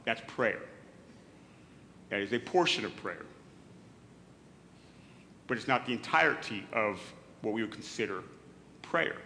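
A man's voice: lowish voice, animated, unhurried, vocal fry, pauses often, pushed and bright, slight background noise. Earnest male pastor preaching in an echoey hall. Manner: earnest, emphatic, repeats words as he builds a point. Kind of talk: sermon. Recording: echoey hall with long reverb.

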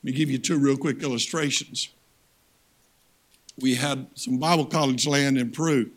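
A man's voice: mid-range voice, fairly even intonation, moderate pace. An older man, a missionary and guest preacher, giving a sermon in a plain-spoken, folksy storytelling way with emphatic turns. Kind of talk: sermon with personal stories.

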